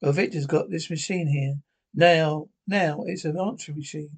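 A man's voice: fairly high pitch, fairly even intonation, moderate pace. An older man, playing a bickering pensioner in a broadcast sitcom. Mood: banter. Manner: bickering, crude banter.

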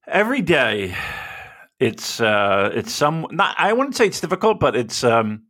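A man's voice: mid-range voice, big pitch swings, measured pace, a bit bright. A man co-hosting a casual comedy podcast, rambling, swearing freely and laughing at his own jokes. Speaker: podcast co-host.

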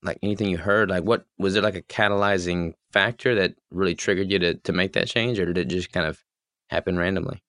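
A man hosting a podcast, his voice very deep. He asks loose, rambling questions full of fillers. The sound is dry and close, with no room echo. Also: fairly even intonation, a little fast, fairly bright tone. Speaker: podcast host. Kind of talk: interview conversation.

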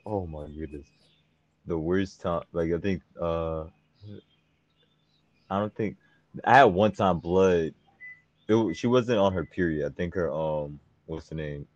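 A young man in casual podcast chat, telling a bragging story and swinging into loud exclaiming. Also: sits low, a little slow, long pauses, dry recording, highs cut off.

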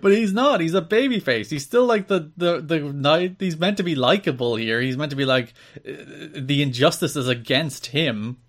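A man co-hosting a casual wrestling review chat, animated and quick to laugh, often restarting his sentences. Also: fairly high pitch. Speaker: podcast co-host.

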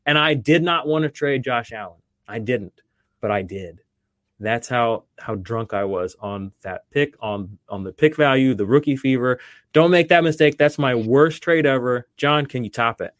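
A man's voice: medium pitch, moderate pace, a bit bright, no room sound, studio quality. A man hosting a fantasy football podcast, talking casually and animatedly, with lots of fillers and restarts. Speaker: podcast host.

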